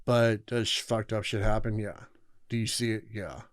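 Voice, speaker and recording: A man's voice: lowish voice, level tone, moderate pace. A man talking bluntly and casually as a podcast guest, swearing freely in a matter-of-fact way. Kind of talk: casual chat.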